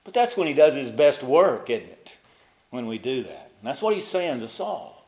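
A male pastor delivers a sermon in a mid-range, sing-song voice at a moderate pace. He shifts between loud, emphatic lines and soft asides, posing rhetorical questions to the congregation.

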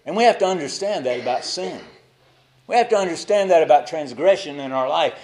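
A male pastor preaching a sermon, moving between loud emphatic lines and soft asides, and putting rhetorical questions to the congregation. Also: a little high, animated, brisk, a little hiss or hum.

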